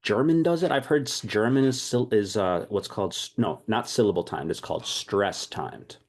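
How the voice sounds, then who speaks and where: A man leading an online language class, lively and thinking aloud, often repeating himself. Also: on the low side, normal speed. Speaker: language teacher.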